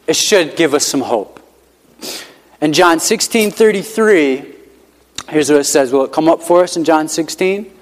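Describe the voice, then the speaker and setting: A man preaches in a church with a loose, conversational style, hammering his points through repetition and sprinkling "like" between phrases. His voice sits a little high for a man, and a long reverb trails off every line in the big hall. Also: unhurried, a little hiss or hum. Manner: conversational, emphatic repetition, frequent "like" fillers. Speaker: pastor. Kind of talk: sermon.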